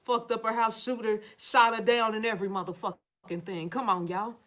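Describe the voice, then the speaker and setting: A woman's voice: on the high side, fairly even intonation, normal speed, a bit bright. Profane, emphatic woman ranting on a livestream. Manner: profane, emphatic, talks straight to viewers. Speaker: livestream host reading viewer comments. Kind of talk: casual livestream rant.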